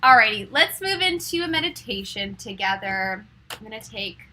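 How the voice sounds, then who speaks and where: A young woman hosting a live-stream meditation show, chatting casually with viewers and giggling, then guiding a short meditation in a softer, slower voice. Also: medium pitch, lively intonation, very noisy. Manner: chatty and giggly, many fillers; soft and slow when guiding meditation.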